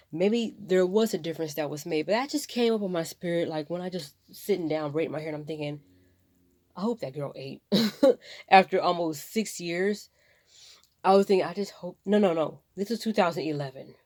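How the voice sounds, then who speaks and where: A woman's voice: fairly low pitch, darkish tone, no room sound. A woman vlogging about something that upsets her, rambling and impassioned, fighting back tears. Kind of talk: emotional personal vlog.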